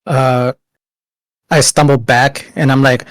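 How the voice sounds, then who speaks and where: A man's voice: medium pitch, steady tone, takes it slowly, no echo, poor audio. A man playing a tabletop game, talking casually and swearing now and then. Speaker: player.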